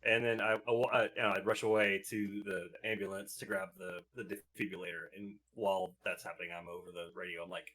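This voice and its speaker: A man playing a tabletop role-playing game, with a bright, edgy tone. He describes what his character does in halting bursts, full of fillers and restarts. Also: sits low, fairly even intonation. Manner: hesitant, many fillers and restarts while describing actions. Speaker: player.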